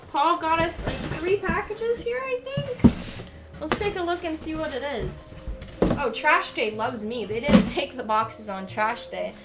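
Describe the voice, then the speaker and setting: Chatty high-voiced young woman streamer. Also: a bit bright. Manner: chatty, swears freely, gushing. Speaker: livestreamer. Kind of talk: casual chat while unboxing.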